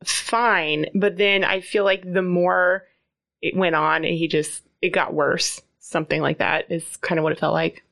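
A woman's voice: lowish voice, fairly even intonation, measured pace, a bit bright. A woman co-hosting a podcast, chiming in to agree and laughing often in casual chat. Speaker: podcast co-host.

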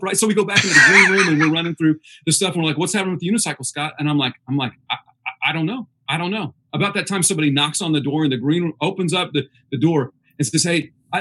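A man's voice: a little high, husky. A man telling a funny story in a casual chat, acting out the voices of others and laughing as he goes. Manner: animated, acts out the voices of others.

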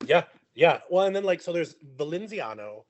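A man's voice: fairly high pitch, normal speed. A man talking as a guest on a podcast, telling family stories in casual chat, acting out what other people said and laughing often. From Sicilian family heritage. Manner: animated storyteller, acts out quoted people, laughs often.

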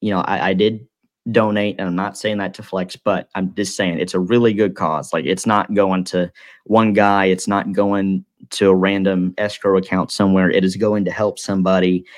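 A man's voice: sits low, flat delivery, moderate pace, no room sound. A young man hosting a podcast, chatting casually in a joking, rambling way. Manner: joking, rambling, self-deprecating. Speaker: podcast host. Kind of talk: casual chat.

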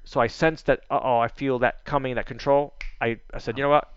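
A man's voice: mid-range voice, brisk, clean tone, dull audio. A man, a magician, chatting casually in an interview and acting out the voices of people in his stories. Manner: animated storyteller acting out quoted voices.

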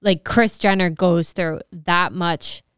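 A young woman co-hosting a casual podcast, relaxed and conversational. Her voice sits on the lower side and sounds very smooth and resonant. The close, dry recording has no echo. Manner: easygoing, conversational, quick agreeing replies. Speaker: podcast co-host. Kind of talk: casual chat.

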